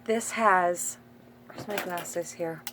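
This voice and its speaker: A woman's voice: on the low side, slow pace, a bit bright, a little hiss or hum. A woman acting as a spiritual teacher, talking in a meandering, self-interrupting way in a casual spiritual monologue with open emotion.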